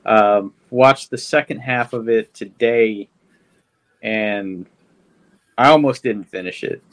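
A man's voice: fairly low pitch, slow pace. A man co-hosting a podcast, chatting casually and bluntly about a movie, with frequent swearing and "um"s. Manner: blunt, swearing, hesitant with fillers. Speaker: podcast co-host. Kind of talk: casual film chat.

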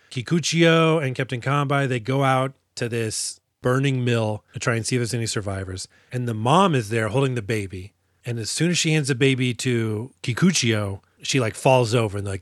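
A man co-hosting a podcast, recapping a movie in profane, jokey, animated chat on a close mic. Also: medium pitch, a little fast, no room sound. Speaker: podcast co-host.

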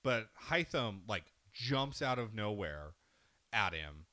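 A man with a bright, forceful voice recaps a video game in loose, casual chat. He tells it with lots of energy, swears freely and slips into the characters' lines as he goes. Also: on the low side, slow pace. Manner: animated storytelling with profanity, acting out characters. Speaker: podcast co-host.

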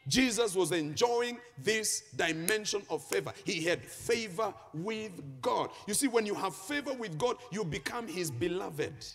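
A man's voice: sits high, animated, unhurried, few pauses, fairly bright tone, soft background music. A man preaching a sermon to a congregation, reading scripture and breaking into sing-song emphasis. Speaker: pastor. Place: church hall. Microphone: handheld microphone. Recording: echoing hall reverb.

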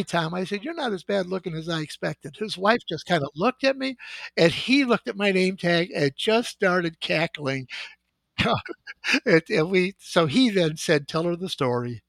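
A middle-aged man with a high, gravelly voice, recorded close and dry. He spins sales war stories and acts out the dialogue with relish. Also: no echo. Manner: animated anecdotal storyteller, acts out dialogue. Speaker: sales executive guest. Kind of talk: storytelling in podcast conversation.

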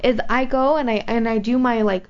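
A woman's voice: on the high side, steady tone, fairly quick, clear, resonant tone, dull audio. Rambling woman saying "like" a lot. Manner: rambling, heavy use of "like". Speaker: guest. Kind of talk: casual chat.

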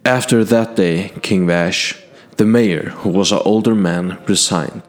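In a fantasy adventure, a storyteller whose voice sits low recounts his own past deeds to a king, in character and in the first person, with a measured, earnest delivery.

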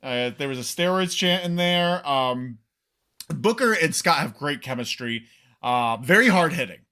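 Guy recapping wrestling on a podcast, bright punchy voice, swings all over in pitch, swears a lot. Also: measured pace, clear, resonant tone. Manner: animated, swears freely, acts out quotes. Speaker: podcast co-host. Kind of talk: casual wrestling recap chat.

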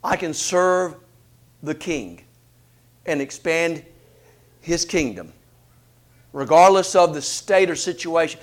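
A man preaching a sermon, asking rhetorical questions in an animated delivery. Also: fairly high pitch, slow pace, long pauses.

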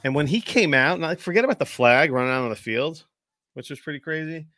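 A man co-hosting a fantasy football podcast in casual chat, rambling and animated and swearing often. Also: a little high, fast, no echo.

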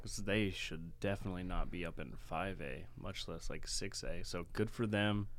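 A man co-hosting a podcast in casual chat, animated and jokey. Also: low voice, normal speed. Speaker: podcast co-host. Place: podcast studio.

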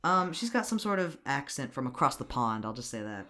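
Brief: an excitable host retelling a film plot with loose, swearing chat. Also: mid-range voice, brisk. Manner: chatty, animated, swears freely. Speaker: podcast host. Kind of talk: casual movie recap.

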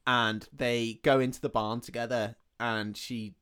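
A man co-hosting a podcast, casually retelling a film plot in an animated way and quoting the characters as he goes. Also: medium pitch, a little slow, clear, resonant tone. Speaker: podcast co-host. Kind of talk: casual film recap chat.

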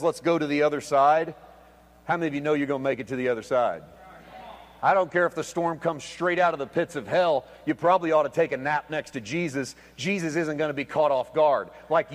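A man preaching a sermon as pastor, swinging between hushed, quiet lines and loud, emphatic ones. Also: fairly high pitch. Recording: long hall reverb.

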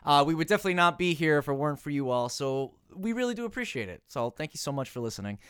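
A man co-hosting a podcast, excitable and profane, laughing often as he chats. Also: fairly high pitch, rapid-fire, clean tone. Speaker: podcast co-host. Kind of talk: casual podcast banter.

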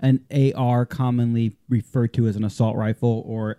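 A man's voice: mid-range voice, level tone, normal speed, warm tone, clear, resonant tone, no echo. A man in a casual podcast chat, explaining things in a matter-of-fact way.

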